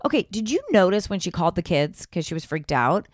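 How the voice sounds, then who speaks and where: A woman co-hosting a gossip podcast, talking in an animated, exclamatory way with plenty of laughter and casual swearing. Her pitch swoops up and down. The sound is dry and close, with no room around it. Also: brisk, dry recording. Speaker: podcast co-host.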